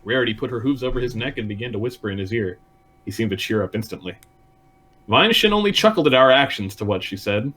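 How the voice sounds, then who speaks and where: A man's voice: medium pitch, lively intonation, quick pace, fairly bright tone. A man hosting a comedic read-aloud of fan fiction, narrating and adding sarcastic, laughing commentary. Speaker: podcast host and narrator.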